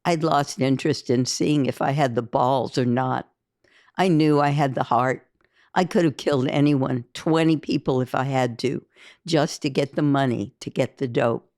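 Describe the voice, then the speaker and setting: A woman's voice: extremely low pitch, moderate pace, a little mellow, no echo, studio quality. A woman reading a first-person memoir aloud, with an intense, emphatic delivery that rises for heated quoted speech. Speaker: audiobook reader.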